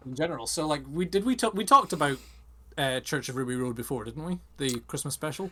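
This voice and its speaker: A man co-hosting a casual podcast, talking quickly and enthusiastically with lots of fillers. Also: on the high side, animated, pushed and bright, slight background noise. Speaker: podcast co-host. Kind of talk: casual chat.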